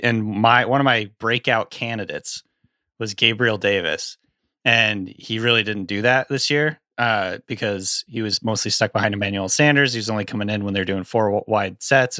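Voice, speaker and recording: A male podcast co-host who rambles through analysis with lots of fillers. His voice is bright and forward, recorded dry and close on a studio microphone. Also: fairly low pitch, fairly even intonation, brisk, dry recording. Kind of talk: casual chat.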